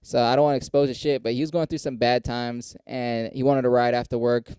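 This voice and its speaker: A young man hosting a podcast, a comedian rambling profanely about the comedy scene and acting out quotes in a higher voice. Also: flat delivery, a little fast, mellow, clean tone, no room sound. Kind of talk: casual podcast monologue.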